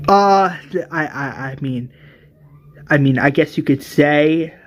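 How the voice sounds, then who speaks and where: A man giving a casual, exasperated movie review, animated and full of restarts and hesitations. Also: on the high side, takes it slowly.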